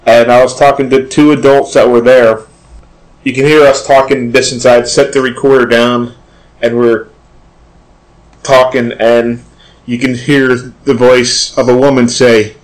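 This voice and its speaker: A man guesting on an interview in a shop, telling his anecdotes in a chatty, meandering way. His voice sits at an average pitch. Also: flat delivery, a little slow, poor audio. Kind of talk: anecdotal storytelling. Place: shop, indoors.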